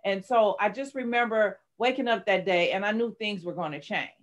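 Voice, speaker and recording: A woman's voice: medium pitch, moderate pace, highs cut off. A middle-aged woman, a life coach and author, telling her personal story candidly and with strong emotion in an interview. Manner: candid, emotional, dramatic retelling.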